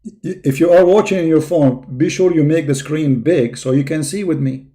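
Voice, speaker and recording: A man hosting a video, talking sarcastically in a mocking commentary and drawing out his questions slowly. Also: on the high side, mellow. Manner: sarcastic, with slow, drawn-out questions. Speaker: video host. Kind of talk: mocking commentary with a comic skit.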